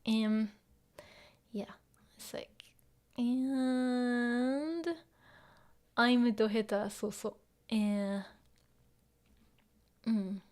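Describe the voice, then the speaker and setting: A woman teaching a casual livestream lesson, chatting with viewers and muttering quietly to herself as she reads the chat. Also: fairly high pitch, steady tone, drawn-out words, long pauses, clean tone. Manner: chatty, mixes English with Japanese phrases, murmurs to herself. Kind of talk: casual live-stream lesson, reading chat.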